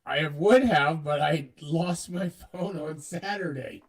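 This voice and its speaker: A man with a fairly high voice tells a rambling story in casual chat and acts out the dialogue as he goes. He sits a little back from the mic. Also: takes it slowly, distant mic, crowd noise, low-quality recording. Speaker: co-host.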